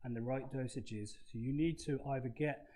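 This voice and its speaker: A man's voice: mid-range voice, moderate pace, warm tone. A man, co-hosting a casual podcast chat and giving blunt, sweary tips. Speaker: podcast co-host.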